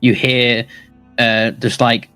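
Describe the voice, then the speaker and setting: A man's voice: medium pitch, little pitch movement, takes it slowly, pushed and bright, clear, resonant tone, no room sound, soft background music. A man running a tabletop game as game master, narrating in a loose, rambling way with many restarts and frequent laughs.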